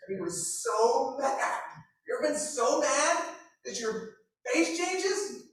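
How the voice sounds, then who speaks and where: Guy leading a bible study, animated, acts out the characters, really echoey room, mic kinda far off. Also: very high voice, slow. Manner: animated, asks the group questions, acts out the king. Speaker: small group Bible teacher. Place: room with a small group. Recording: echoey room recorded from a distance.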